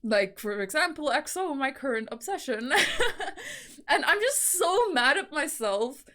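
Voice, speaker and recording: A woman's voice: high voice, very animated, unhurried, fairly bright tone. A young woman hosting a fan reaction video, talking in a gushing, emotional way with lots of "like" fillers and half-laughing, near-tearful asides. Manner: gushing, heavy "like" fillers, laughing through tears.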